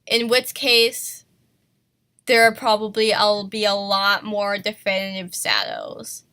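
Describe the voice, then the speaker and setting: A woman's voice: mid-range voice, expressive, takes it slowly, pushed and bright. A woman who is sick, teaching an art lesson in a casual, self-conscious way and apologizing for herself. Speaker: art tutorial host.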